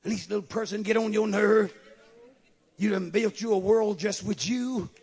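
High, gravelly, raspy-voiced preacher man. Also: steady tone, moderate pace. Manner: emphatic, swings from hushed asides to shouting; calls out to the congregation. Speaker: pastor. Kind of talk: fervent radio sermon.

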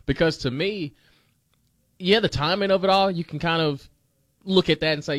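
A man's voice: on the high side, normal speed, pauses often, no echo, studio quality. A man joining a casual sports talk show as a guest, laid-back and conversational.

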